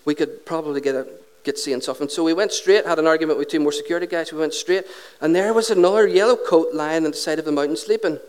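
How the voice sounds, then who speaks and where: Male pastor, smooth resonant tone, animated sermon storyteller who voices each character. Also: a little high, fast talker, few pauses. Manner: lively anecdotal storytelling, acting out dialogue.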